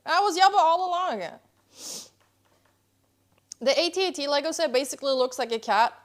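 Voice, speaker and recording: A woman's voice: high voice, moderate pace. A young woman streaming from her kitchen at home, chatting playfully and answering her chat. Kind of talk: casual live-stream chat.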